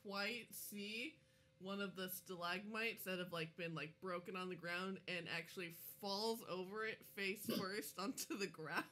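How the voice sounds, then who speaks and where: Slow, bright-voiced woman game master. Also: mid-range voice. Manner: giggly, laughs often. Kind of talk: narrating a tabletop game.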